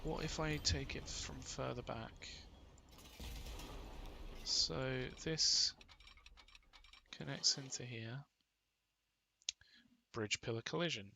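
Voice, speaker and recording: A man's voice: medium pitch, slow, vocal fry, long pauses, noisy background. A man giving casual commentary while playing a game, muttering to himself and getting mildly exasperated. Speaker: gaming video creator.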